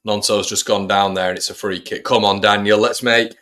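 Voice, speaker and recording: A man's voice: lowish voice, steady tone, brisk, fairly bright tone. A man hosting a football fan watch-along, giving chatty live commentary and talking to his viewers. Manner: chatty, addresses viewers as everybody. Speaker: fan channel host.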